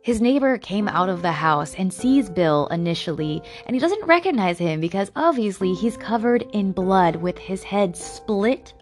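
A woman at an ordinary pitch narrates a true-crime podcast in a blunt, emotional way, cursing often. Faint music plays underneath her voice. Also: expressive, moderate pace, hardly any pauses. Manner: emotional, blunt, swears freely. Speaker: podcast host.

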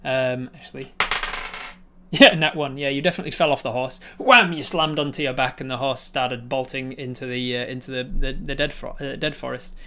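Game master making sound effects. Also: male voice, medium pitch, flat delivery, normal speed, fairly bright tone, slight background noise. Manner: laughs often, acts out sound effects. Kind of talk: narrating a tabletop game on stream.

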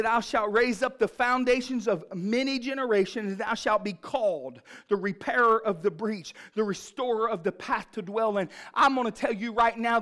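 Male pastor, high voice, preaching style; shifts from soft scripture reading to rising, shouted exhortation. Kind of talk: sermon.

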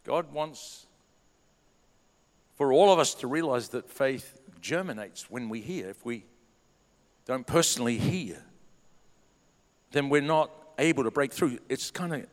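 A man preaching a sermon as pastor, telling stories in a relaxed way and then building to an urgent, rising preaching cadence. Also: mid-range voice, a little slow, long pauses. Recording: long hall reverb in a church.

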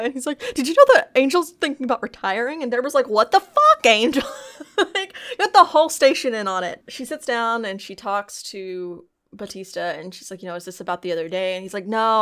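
A woman's voice: mid-range voice, a bit bright. A woman on a chatty podcast, animatedly retelling a TV plot. She slips into the characters' lines as she goes and swears casually. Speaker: podcast co-host. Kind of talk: casual TV recap chat.

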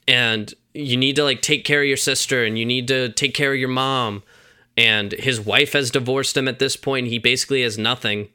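Young man, very bright tone, podcast co-host, chatty movie recap, loose filler-heavy talk. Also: medium pitch. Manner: retells scenes with acted quotes, many fillers. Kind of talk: casual movie discussion.

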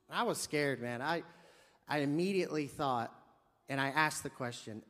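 In a large hall, a man with a medium-pitched voice delivers a sermon at a measured pace. It centers on a humorous story, which he tells in a lively, joking way with lots of acted-out dialogue and comic asides.

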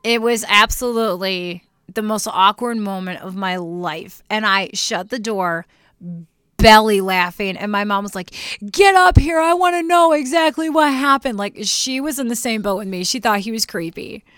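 A young woman chats on her podcast, telling lively stories and laughing often. Her voice is bright, clear and a little higher than most. She also gives faith-based encouragement to listeners, recorded close and dry. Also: moderate pace, dry recording. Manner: animated storytelling with laughter. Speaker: podcast co-host. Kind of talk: casual chat.

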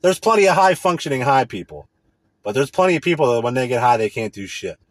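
A man's voice: medium pitch, very animated, fast, no room sound. A man in a casual, profane, indignant rant. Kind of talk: casual ranting monologue.

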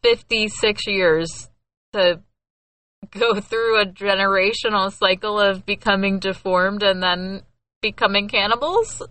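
A woman's voice: medium pitch, steady tone, unhurried, fairly bright tone, dry recording. A young woman co-hosting a podcast in casual chat, chatty, with many fillers and frequent laughter. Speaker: podcast co-host.

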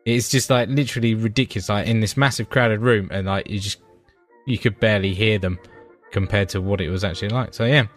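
A man's voice: on the low side, fairly quick, faint music behind. A man co-hosting a casual podcast, swearing freely and ranting with energy. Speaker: podcast co-host. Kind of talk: casual chat.

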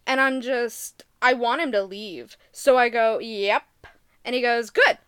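A woman's voice: fairly high pitch, measured pace, clear, resonant tone, no echo, clean studio sound. A young woman co-hosting a casual podcast, telling work stories with frequent giggles. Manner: giggly storyteller, reads notes aloud. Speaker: podcast co-host. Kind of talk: casual chat.

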